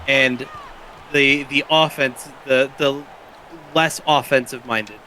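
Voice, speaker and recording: Bright-voiced chatty Louisiana color man. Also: mid-range voice, steady tone. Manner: chatty, halting, self-correcting. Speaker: color commentator. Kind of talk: casual color commentary.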